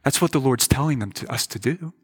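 A man's voice: mid-range voice, lively intonation, fast talker, husky. A man preaching a sermon as a pastor, earnest and questioning, often repeating words as he stresses a point.

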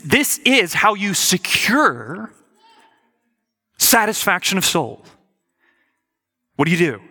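A pastor preaches a sermon in an earnest, questioning manner, often repeating words to stress a point. His mid-range voice sounds pushed, bright, and slightly rough.

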